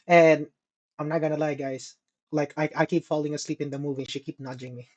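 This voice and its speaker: A young man on a casual podcast, telling an animated story. He laughs often and swears freely. His voice sits mid-range for a speaker like him. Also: fairly high pitch, a little fast. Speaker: podcast co-host.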